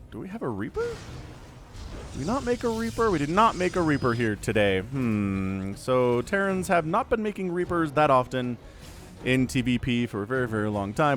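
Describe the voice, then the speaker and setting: A man casting a video game match on his own, with energetic, playful play-by-play commentary. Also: mid-range voice. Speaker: esports caster. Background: faint background music.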